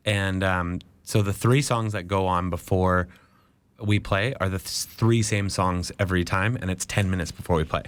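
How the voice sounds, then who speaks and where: A man, a musician guest in a radio studio, telling stories in a relaxed, laid-back way. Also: deep voice, normal speed, smooth, no room sound. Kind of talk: casual interview chat.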